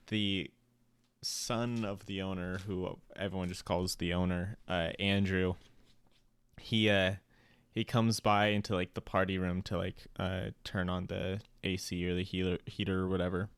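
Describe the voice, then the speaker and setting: A man's voice: low voice, normal speed, smooth, dry recording. A young man co-hosting a podcast, telling a story in casual chat and acting out the other people's lines with laughter. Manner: animated, acts out quoted voices with laughs. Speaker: podcast co-host.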